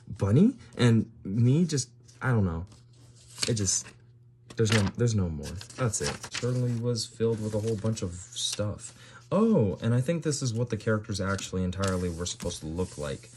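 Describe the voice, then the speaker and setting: This young video creator pages through an old sketchbook, talking casually and sounding bewildered, with fillers as he goes. He speaks at a moderate pace in a fairly low, expressive voice that is darkish and slightly rough.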